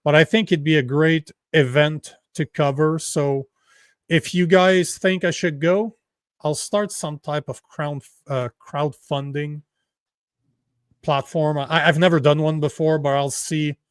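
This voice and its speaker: A man whose first language is French, co-hosting a casual political livestream in a rambling, animated way with free swearing. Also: fairly high pitch, a little slow, smooth, dry recording, studio quality. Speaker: livestream co-host.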